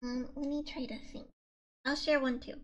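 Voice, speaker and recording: Young female streamer, high bright voice, soft casual ASMR chatter into a binaural mic, giggles often. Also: moderate pace, dull audio. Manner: soft-spoken, giggly, gushes excitedly at chat. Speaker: VTuber streamer. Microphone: binaural dummy-head mic.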